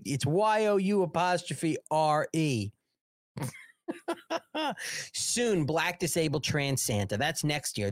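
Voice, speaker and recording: A man's voice: a little high, no echo, studio quality. A middle-aged man hosting a live political commentary show, ranting in a mocking, sarcastic way, swearing and laughing often.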